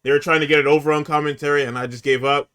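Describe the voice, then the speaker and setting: A man hosting a casual podcast, recapping a show in an exasperated, profane and animated way. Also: fairly high pitch, very fast, clean tone. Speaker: podcast host recapping wrestling.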